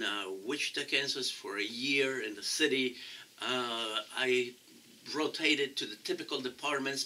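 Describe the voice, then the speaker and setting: A man with a non-native English accent answering interview questions as a political candidate, halting and restarting often. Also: medium pitch, sharp tone, far from the mic, slight background noise, rough recording. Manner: halting, many restarts and fillers. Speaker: council candidate.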